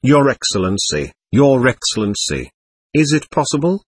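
A man reading an audiobook, voicing a poor, terror-stricken army captain who begs and falters in a hushed voice. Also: mid-range voice, sing-song, moderate pace, breathy edge, no echo. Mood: pleading. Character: terrified pleading poor old army captain. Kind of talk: audiobook character voice.

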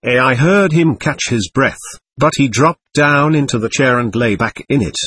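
A man narrating a novel in the first person, in an even, unhurried storytelling manner. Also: medium pitch, slightly rough, no echo. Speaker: audiobook narrator.

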